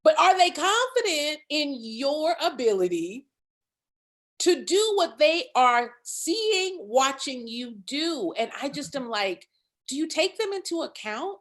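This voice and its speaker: A woman with a fairly high voice guests on a candid interview over a video call. Her delivery is emphatic and full of energy, and her pitch swings widely as she makes her points. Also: slow. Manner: emphatic and animated, laughs loudly, gets loud when passionate. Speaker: nonprofit consultant guest.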